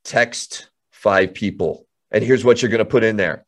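A man coaching real estate agents in an energetic motivational talk, emphatic and often repeating himself. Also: on the low side, moderate pace.

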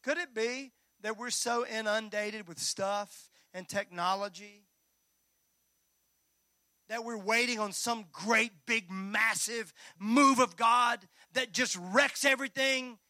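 A high-voiced man preaches a sermon, bright and forceful in tone. He swings from loud rallying calls down to hushed, near-whispered lines, dropping folksy jokes to his congregation. The sound is close and dry. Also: fairly even intonation, slow, no room sound. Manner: folksy, joking asides to the congregation. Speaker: pastor.

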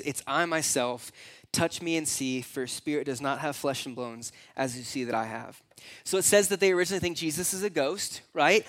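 A man preaching a sermon in a conversational, animated way, filling his talk with "like" and little acted-out quotes. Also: on the high side. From United States. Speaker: pastor.

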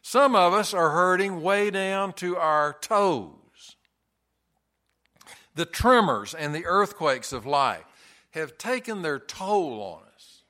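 A man's voice: high-pitched, expressive, takes it slowly, pushed and bright. A man preaching a sermon in a church, earnest and folksy, telling stories with touches of humor. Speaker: pastor.

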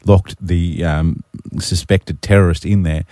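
A man's voice: sits low, fairly even intonation, measured pace, dark tone, no room sound, clean studio sound. An Australian man hosting a radio show, telling stories in a chatty, matey way. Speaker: radio host. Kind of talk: breakfast radio banter. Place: radio studio. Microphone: studio mic.

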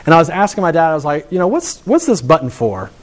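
Male preacher, conversational sermon, storytelling, rising emphasis, slightly high voice. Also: big pitch swings, fast talker. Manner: chatty and storytelling, with frequent restarts and rising emphasis.

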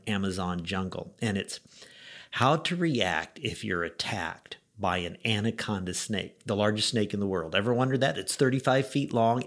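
A man who is a pastor, giving a radio devotional message in an earnest, conversational storytelling way with lively emphasis. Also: fairly low pitch.

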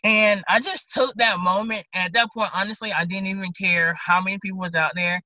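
A woman deputy with a Southern accent recounts a story from her job. Her voice is bright and pushing forward, and she animatedly plays both herself and the people she talks to. The recording is dry and a little dull. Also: mid-range voice, fairly quick, no echo. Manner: animated, acts out both sides of conversations. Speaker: county deputy sheriff. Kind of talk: casual interview storytelling. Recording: dull lo-fi podcast audio.

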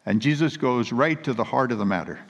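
A man's voice: mid-range voice, expressive, a little fast, highs cut off. A man preaching a sermon with earnest, emphatic storytelling. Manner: earnest, emphatic storytelling with read scripture quotes. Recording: long reverb of a large hall.

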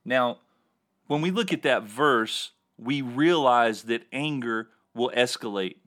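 On a Bible teaching show, a male host reads scripture and explains it with earnest emphasis, often repeating words in a sermon-like style. His voice sits at a medium pitch, a bit bright, and he takes his time.

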